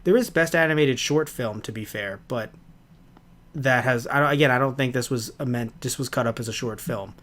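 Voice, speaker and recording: A man's voice: medium pitch, normal speed, fairly bright tone. A man with a mid-range voice chats casually on a podcast. He rambles and restarts, with filler words and casual swearing. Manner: rambling, hesitant, profane. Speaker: podcast co-host. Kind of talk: casual review chat.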